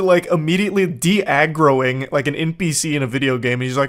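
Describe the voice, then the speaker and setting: A man's voice: a little high, fairly quick, hardly any pauses. Sardonic man reading texts. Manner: sardonic, incredulous. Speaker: commentator. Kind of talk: comedic commentary reading text messages.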